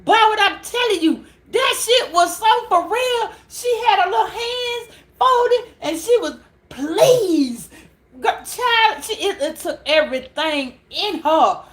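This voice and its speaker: A woman telling a story casually to camera, animated and laughing, repeating words as she goes. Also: very high-pitched, unhurried. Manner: animated, laughing, repeats words, calls listeners girl and child. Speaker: tarot reader.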